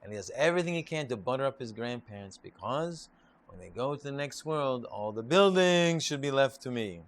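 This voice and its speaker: Speaking at a fairly quick clip in a medium-pitched voice, a man who is a rabbi leads a casual Torah lesson. His storytelling is lively, and he keeps circling back, repeating himself and starting phrases over.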